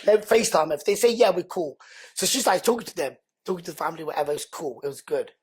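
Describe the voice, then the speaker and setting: Husky guy on a podcast, animated storytelling, does everyone's voices. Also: on the high side, fast talker. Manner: animated, acts out other people's lines. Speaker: podcast guest. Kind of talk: emotional storytelling in conversation.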